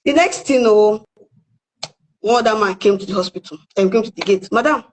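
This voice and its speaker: A woman's voice: medium pitch, a little fast, poor audio. A young woman with a Nigerian accent, telling a story in casual chat and acting out the people she quotes. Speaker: guest storyteller.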